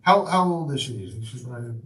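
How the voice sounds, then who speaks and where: A male comedian doing laid-back crowd work, chuckling, halting over fillers. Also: mid-range voice, lively intonation, recorded from a distance. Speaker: comedian and host. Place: comedy club stage. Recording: roomy club sound from afar, crowd. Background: audience laughter.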